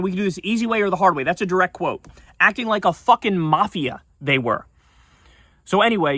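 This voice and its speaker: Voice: mid-range voice, a bit bright, no echo. A streamer ranting casually about politics on a livestream, swearing often and sounding indignant. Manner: profane, indignant, fast-talking.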